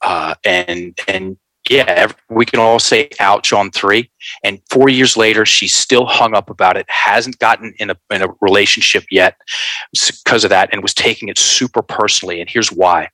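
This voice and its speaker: A man telling a story in an animated, folksy way, calling his listeners folks. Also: on the low side, moderate pace, no echo, low-quality recording. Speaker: guest.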